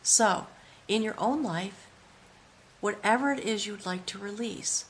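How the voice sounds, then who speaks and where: A woman reads tarot cards aloud with hushed reverence, her voice sometimes sinking to a whisper. Her pitch sits in the middle of the usual range. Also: measured pace, a little hiss or hum. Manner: awed and reverent, dropping to soft whispers. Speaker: tarot reader. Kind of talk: spoken tarot reading.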